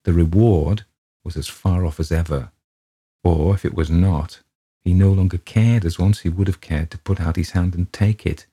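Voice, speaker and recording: A man reading a classic story aloud in a measured, deliberate way. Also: deep voice, steady tone, dark tone, husky. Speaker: audiobook reader. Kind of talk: storybook narration.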